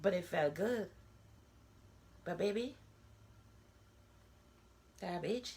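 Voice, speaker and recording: A woman's voice: lowish voice, extremely slow, vocal fry, pauses often. A woman, talking bluntly and candidly in a personal vlog monologue, full of rhetorical asides. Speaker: vlogger.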